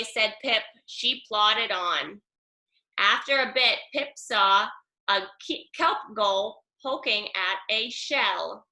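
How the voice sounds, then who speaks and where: A woman reading a children's picture book aloud, slow and expressive, with sound effects. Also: medium pitch. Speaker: storybook reader. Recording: echoey room.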